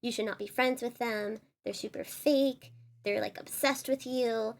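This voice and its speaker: A woman's voice: on the high side, fairly even intonation, unhurried, creaky. A woman imitating a defensive, spiteful young woman who badmouths a friend and denies everything, in an indignant, dismissive tone. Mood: defensive, scornful.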